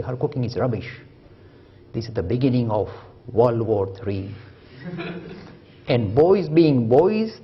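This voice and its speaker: A male lecturer giving a public lecture, telling stories and jokes in an animated way and acting out the quotes. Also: medium pitch, slightly rough, muffled recording. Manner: animated, joking, acts out quotes. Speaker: lecturer on religion and science. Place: lecture hall at a university.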